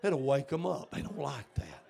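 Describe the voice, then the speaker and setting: A man preaching a revival sermon in a church, fiery and emphatic, often shouting. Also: mid-range voice, big pitch swings, normal speed, vocal fry. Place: church service.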